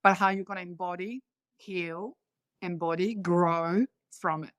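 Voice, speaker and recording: A woman's voice: fairly low pitch, steady tone, a little slow, fairly bright tone, dry recording, studio quality. A woman in her fifties from Croatia, with a Croatian accent and slightly broken English, telling rambling family stories as a podcast guest. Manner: rambling storytelling with non-native grammar slips. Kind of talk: casual conversation.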